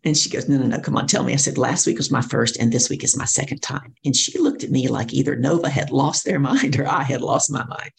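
A middle-aged woman, a professional speaker and coach, telling her story in an interview and acting out other people's lines in lively voices. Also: a bass voice, a little fast, gravelly, hardly any pauses, slight background noise.

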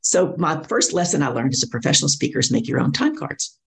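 A middle-aged woman, a professional speaker and coach, telling her story in an interview and acting out other people's lines in lively voices. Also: low-pitched, quick pace, vocal fry, a little hiss or hum.

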